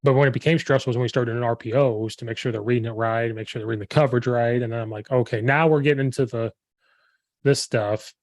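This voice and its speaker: A man hosting a podcast as a football coach, telling stories with lively acted-out quotes. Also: mid-range voice, rapid-fire, hardly any pauses, dry recording. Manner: animated storytelling, acting out quoted players and himself. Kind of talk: casual chat.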